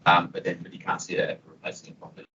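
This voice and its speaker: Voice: very fast, lo-fi sound, noisy background. A moderator reading out audience questions in a hesitant way, with fillers. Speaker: session moderator.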